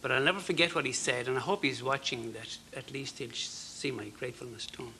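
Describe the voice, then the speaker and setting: An Irish man in his fifties with a gravelly but bright voice tells his story as a talk show guest. He speaks earnestly and haltingly, and some phrases drop almost to a whisper. Faint studio noise sits behind him. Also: mid-range voice. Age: 50s. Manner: earnest, halting, with fillers and soft dropped phrases. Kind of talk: personal storytelling.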